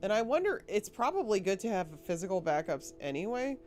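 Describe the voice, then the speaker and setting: A woman's voice: mid-range voice, big pitch swings, brisk, darkish tone, slight background noise. Giggly, chatty woman streamer from Rhode Island. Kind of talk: casual livestream chat.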